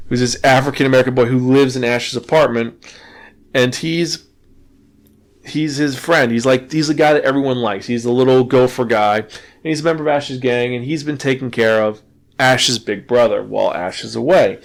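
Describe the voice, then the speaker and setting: A man's voice: mid-range voice, normal speed. Casual man retelling a story. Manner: animated storytelling, swearing, stumbling restarts. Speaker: podcast host and manga reviewer. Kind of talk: casual spoken review, retelling a plot.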